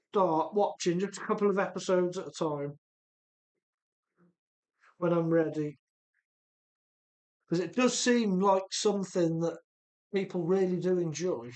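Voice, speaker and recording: A man's voice: high-pitched, darkish tone. A man with a mixed English Midlands and Welsh accent, hosting a casual live stream and chatting through viewer comments as he works. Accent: mix of English Midlands and Welsh. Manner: chatty, reads viewer comments aloud while rebuilding an RC car. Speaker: livestream host.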